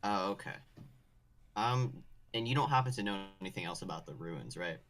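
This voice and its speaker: Man, tabletop player, very deep voice, hesitant with many ums. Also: expressive, moderate pace, fairly bright tone, a little hiss or hum. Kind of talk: casual game chat.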